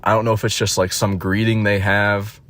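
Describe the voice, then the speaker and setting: A man's voice: on the low side, flat delivery, a little fast, fairly bright tone. A young man in his twenties telling stories in a profane, rambling, mocking comedic rant.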